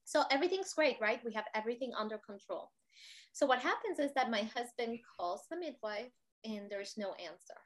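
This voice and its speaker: A woman telling a personal story in an expressive way. She often ends her sentences with "right?" and acts out the voices of the people in her story. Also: on the high side, brisk. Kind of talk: animated anecdote telling.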